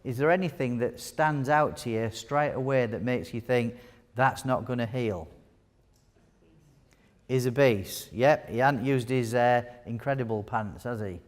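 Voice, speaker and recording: A man's voice: medium pitch, normal speed, hardly any pauses. A man giving a live wound care teaching talk, chatty and jokey, quizzing his audience. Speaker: wound care nurse presenter. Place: large hall with audience. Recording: long hall reverb.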